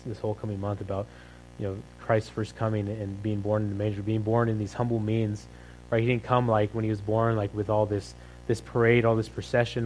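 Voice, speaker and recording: A man's voice: fairly low pitch, a little mellow, a little hiss or hum, poor audio. A man preaching a casual, conversational sermon, peppering his talk with "right?" and "like". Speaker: pastor.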